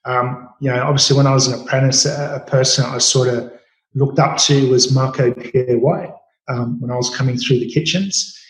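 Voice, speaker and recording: A man's voice: mid-range voice, fairly even intonation, moderate pace, echoey room, rough recording. A middle-aged Australian man, a chef, telling stories casually in an interview, rambling with many fillers and restarts. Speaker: chef, podcast guest.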